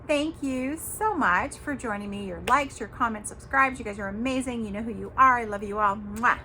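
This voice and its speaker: A woman hosts her own show and talks straight to her viewers in a casual, emphatic way. She hands out tough-love advice and lets a cuss word slip now and then. Her voice sits a little high and very bright, with a faint hiss of noise behind it. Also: moderate pace. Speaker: podcast host.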